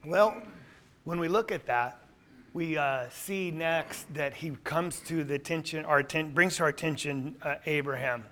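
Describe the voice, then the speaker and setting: A man's voice: fairly high pitch, unhurried. A man preaching a sermon, asking the listeners questions and acting out what people say. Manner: animated, asks the congregation questions, acts out quotes.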